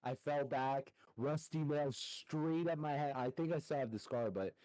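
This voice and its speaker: Rambling young man, a bit high. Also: normal speed, mellow, dry recording, rough recording. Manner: loose, rambling, says dude a lot. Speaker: podcast co-host. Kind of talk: casual storytelling chat.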